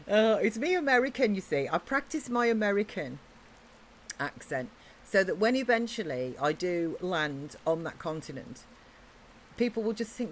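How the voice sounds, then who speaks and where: A woman's voice: mid-range voice, very animated, measured pace, pauses often, slight background noise. An English woman with an English accent chatting casually and giggling as she livestreams a video game. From England. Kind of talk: casual let's-play chat.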